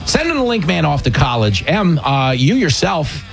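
A man's voice: a little high, sing-song, moderate pace, vocal fry, over music. A man hosting a talk radio show, chatting loosely and cracking jokes with his guests and callers. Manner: loose, joking, talks over guests. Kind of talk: casual radio chat.

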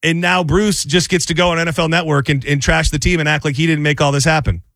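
A sports talk host, a man, giving animated, opinionated takes on football. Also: fairly high pitch, fast, dry recording.

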